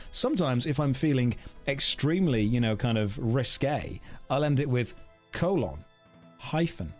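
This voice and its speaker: A male streamer joking with his chat in a mock-serious way while playing a game. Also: mid-range voice. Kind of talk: casual game stream commentary.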